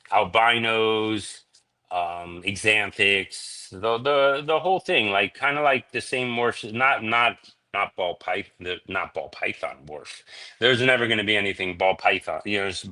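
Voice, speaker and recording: Laid-back rambling man, bright voice. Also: on the low side, measured pace. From Florida. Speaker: reptile breeder, podcast guest. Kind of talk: casual storytelling chat.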